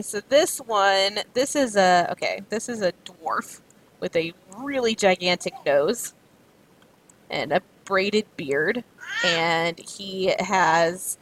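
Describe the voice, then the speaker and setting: A woman's voice: fairly low pitch, a bit bright, a little hiss or hum, low-quality recording. A woman acting as game master, narrating a tabletop game in a chatty way with many fillers. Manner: chatty, full of fillers and restarts.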